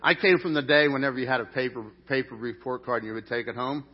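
A middle-aged man preaching a sermon in an animated, jokey way, with sudden loud peaks. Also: medium pitch, fast. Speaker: pastor. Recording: dull lo-fi sound.

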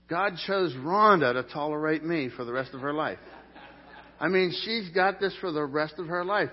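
A middle-aged man preaching a sermon in an animated, jokey way, with sudden loud peaks. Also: fairly high pitch, moderate pace. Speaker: pastor. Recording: dull lo-fi sound.

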